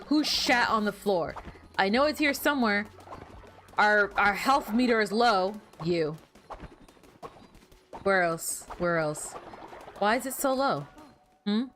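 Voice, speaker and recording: A woman streaming a game, chatting casually with viewers in an animated, easily flustered way. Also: medium pitch. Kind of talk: casual gameplay commentary to chat.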